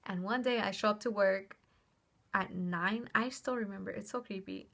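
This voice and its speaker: Speaking at a normal pace in a mid-range voice, a young woman shares a personal story on her vlog, chatty and animated, saying "like" a lot and swearing casually.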